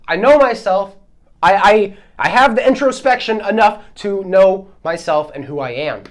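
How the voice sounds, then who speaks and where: A man hosting a solo podcast, ranting in a heated, exasperated way, his voice swinging between loud outbursts and quieter asides. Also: high voice, lively intonation, normal speed. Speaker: podcast host.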